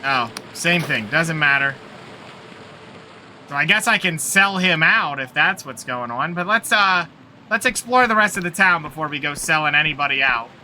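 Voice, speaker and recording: A man's voice: fairly high pitch, animated, normal speed, pushed and bright, a little hiss or hum. A man commenting casually and jokingly as he plays a video game. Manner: playful, joking, reacts aloud. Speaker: let's play gamer.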